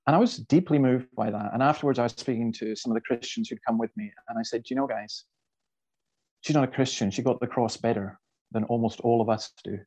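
Middle-aged male preacher, medium voice, lively storytelling with frequent restarts. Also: mid-range voice, fast, rough recording. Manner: animated storyteller who repeats words and restarts sentences. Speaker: Christian speaker and evangelist. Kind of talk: storytelling talk to a church audience.

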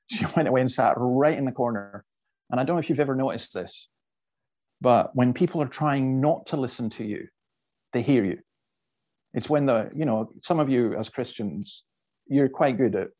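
Heard through a muffled recording, a male evangelist with a medium-pitched voice tells stories animatedly to a church audience. He often repeats himself and begins sentences again.

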